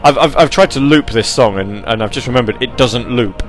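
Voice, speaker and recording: A man hosting a casual live radio show, rambling and animated as he reads chat messages and tells stories. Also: mid-range voice, fairly quick, faint music behind.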